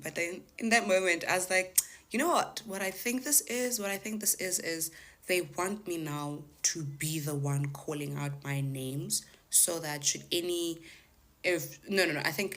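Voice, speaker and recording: A woman telling a casual storytime monologue to her followers, acting out the lines of the people in her story. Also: deep voice. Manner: animated retelling, acting out the callers' lines in quoted voices. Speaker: TikTok storyteller.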